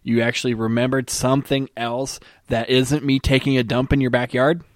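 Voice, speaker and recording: A man's voice: medium pitch, little pitch movement, normal speed, no echo, clean studio sound. A man hosting a podcast, talking in an exasperated, groaning way. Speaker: podcast host. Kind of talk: casual chat.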